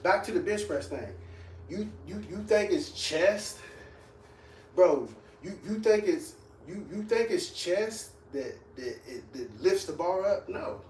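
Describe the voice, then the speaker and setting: A blunt, profane man who trains people, mocking viewers as he reacts to comments, his voice sitting a bit high. He sounds set back from the mic in an echoey room, with a faint hiss underneath. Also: lively intonation, moderate pace, a little mellow, recorded from a distance. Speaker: fitness trainer.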